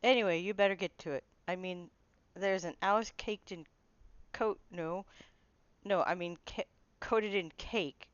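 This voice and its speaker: A woman voicing a male lizard workman in a put-on Cockney accent, loud and rambling, fumbling for words. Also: lowish voice, fairly even intonation, unhurried, dry recording, highs cut off, pitched above the performer's own voice, lightly acted. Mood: cheery.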